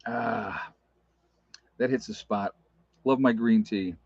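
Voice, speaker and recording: A man's voice: lowish voice, steady tone, slow, vocal fry, breathy edge, dry recording. A man hosting a livestream, rambling casually and answering viewer comments as he goes. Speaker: livestream host. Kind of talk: casual livestream talk with chat. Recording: dull lo-fi stream audio.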